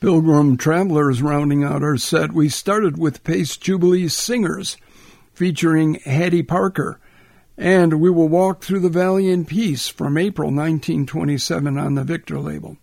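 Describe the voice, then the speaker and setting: A man hosts a radio program about old records, talking casually and restarting his words now and then. His voice has a gravelly edge and sits a little high. The sound is dry and close. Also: moderate pace, no echo. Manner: relaxed, with small restarts. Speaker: radio host.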